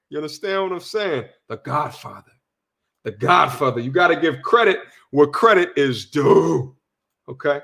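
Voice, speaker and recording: A young man hosts a casual livestream, talking animatedly and reading viewer messages aloud. His voice sits fairly high and sounds bright and forceful. He repeats himself often and drops slangy shout-outs. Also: lively intonation, normal speed, vocal fry. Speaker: livestream host.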